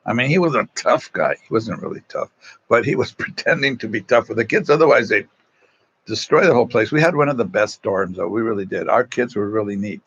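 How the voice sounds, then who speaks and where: On a livestream shot from an angled phone, a man from East Los Angeles who is a Salesian brother tells self-deprecating stories and reads out viewer comments. His lowish voice is expressive, fairly quick, fairly bright and a bit rough. The sound is lo-fi, and his manner is chatty and casual.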